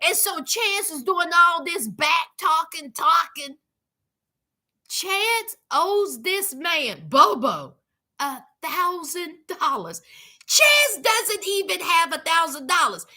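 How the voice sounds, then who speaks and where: A woman's voice: extremely high pitch, sing-song, slow pace, bright, forceful tone. A woman hosting a comedic reality show recap, sassy and chatty, talking straight to her viewers.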